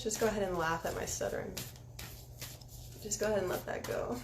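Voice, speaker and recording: A woman giving a casual spiritual oracle card reading, candid and encouraging, sometimes dropping into soft meditation guidance. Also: medium pitch, steady tone, a little fast. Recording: echoey room with faint ambient noise.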